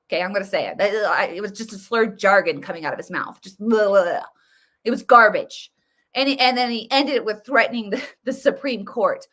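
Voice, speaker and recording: A woman's voice: medium pitch, expressive, normal speed, fairly bright tone. A woman hosting a casual political commentary show, talking in a chatty, opinionated way with many fillers and restarts. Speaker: host.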